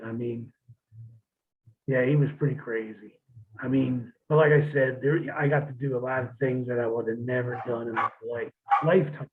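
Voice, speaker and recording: A man spins loose, profane road stories in a relaxed interview voice, his pitch sitting squarely mid-range. The sound comes through thin and tinny, as if over a phone line. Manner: profane, laid-back storytelling with laughs. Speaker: guest, former wrestler. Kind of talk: casual storytelling interview.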